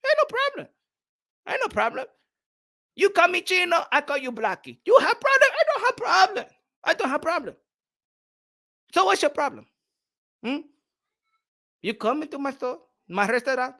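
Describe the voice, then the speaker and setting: A man's voice: very high voice, expressive, moderate pace, creaky, pauses often, full character voice. A man putting on a defiant middle-aged male restaurant owner, firing back blunt, clipped, repetitive retorts.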